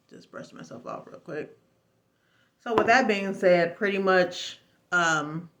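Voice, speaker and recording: A woman speaks straight to the camera in a casual personal testimony, her voice bright and sharp. She rambles and restarts, then drives her points home with emphatic, preachy exclamations. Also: on the low side. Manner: rambling with frequent fillers and restarts. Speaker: vlogger sharing a personal story.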